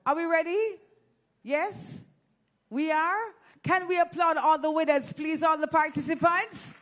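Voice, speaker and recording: Jamaican woman MC, high voice, teasing crowd-work host on a handheld mic. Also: steady tone, unhurried, fairly bright tone. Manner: playful, teasing, exclamatory. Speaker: event host. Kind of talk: lively audience giveaway hosting. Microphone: handheld microphone.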